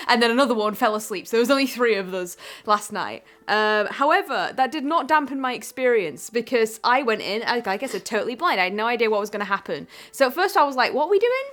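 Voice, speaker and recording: A young woman co-hosting a casual chat, telling stories in an animated way and acting out her own shouts. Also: a little high, fast talker, few pauses. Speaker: co-host.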